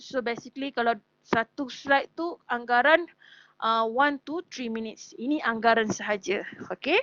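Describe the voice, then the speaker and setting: A woman's voice: fairly high pitch, a bit bright, no echo. A young woman lecturer with a Malaysian accent, a native Malay speaker who has a sore throat, giving a recorded e-learning lesson and mixing English and Malay. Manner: switches between English and Malay mid-sentence, instructive. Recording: dull, dry lo-fi recording.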